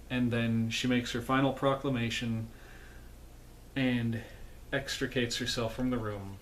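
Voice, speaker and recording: A man's voice: mid-range voice, a bit bright. A man talks through a film recap from home, sleepy and rambling. He keeps correcting himself and adds chatty asides in a mid-range voice. A faint hiss runs under the recording. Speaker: vlogger.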